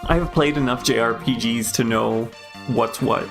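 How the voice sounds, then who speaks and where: Gaming streamer, man, rambling casual chat, gravelly edge. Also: mid-range voice, moderate pace, over music. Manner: rambling, musing, with many fillers. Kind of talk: casual chat while playing.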